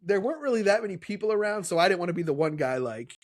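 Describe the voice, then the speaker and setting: Middle-aged male podcast co-host, animated storyteller, a bit higher pitched. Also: rapid-fire, no room sound. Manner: animated storyteller, acts out quoted voices. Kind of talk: casual storytelling chat.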